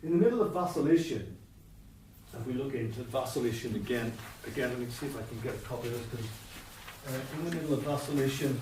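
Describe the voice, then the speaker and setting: Speaking a little fast at medium pitch, this man delivers an academic poetry lecture, musing aloud, interrupting himself and wandering into asides and restarts. The recording comes from a distant mic in an echoey church hall, with background noise.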